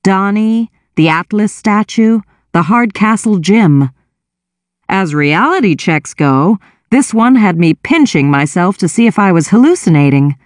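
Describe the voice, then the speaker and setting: A woman at a middle pitch narrating a first-person novel, wry and expressive in her telling. The sound is dry and close, with no room echo. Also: unhurried. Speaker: audiobook narrator.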